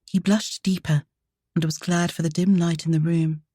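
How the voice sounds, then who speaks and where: A woman narrating a romance audiobook in a soft, measured way. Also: fairly low pitch, level tone, breathy edge, no room sound, studio quality.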